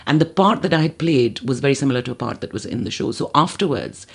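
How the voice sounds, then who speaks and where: A woman guest on a podcast, telling a story in casual chat, animated and laughing, acting out other people's lines. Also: a bass voice, fast talker, gravelly, breathy edge.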